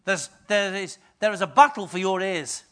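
High, bright-voiced preacher. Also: male voice, normal speed. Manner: lively storytelling, acts out quotes and swings from hushed to loud. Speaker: pastor. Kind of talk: sermon.

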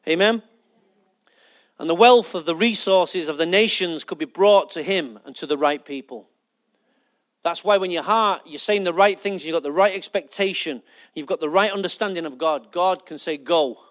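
A male pastor, preaching a sermon with lively rhetorical questions and jokey asides to his church. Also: fairly high pitch.

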